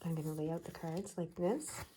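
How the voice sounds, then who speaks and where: A woman giving a casual pick-a-pile tarot card reading. She talks in a chatty, wandering way full of fillers, and her throat is irritated, so she keeps clearing it. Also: low voice, moderate pace, mellow. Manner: chatty, digressive, frequent fillers.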